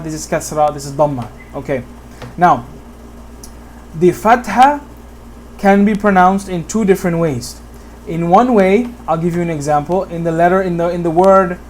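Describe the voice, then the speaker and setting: A Bangladeshi teacher gives a whiteboard tutorial on Quran pronunciation, patiently repeating examples and frequently checking in with the listener. The voice is mid-range, with slight background noise.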